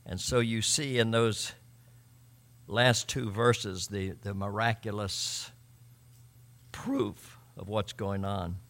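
A man preaching a sermon, emphatic, swinging between loud and quiet and often repeating words. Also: lowish voice, vocal fry. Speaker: pastor.

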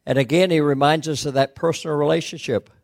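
A man's voice: on the high side, steady tone, fast, creaky, darkish tone, no echo, clean studio sound. A middle-aged man preaching a sermon as a pastor, questioning his listeners earnestly and building to emphatic peaks.

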